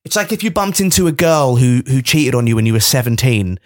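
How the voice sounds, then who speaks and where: A man's voice: medium pitch, expressive, brisk, dry recording, studio quality. A man co-hosting a podcast, playfully riffing and swearing in casual chat. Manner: playful, swears, slips into mock voices of others. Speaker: podcast co-host.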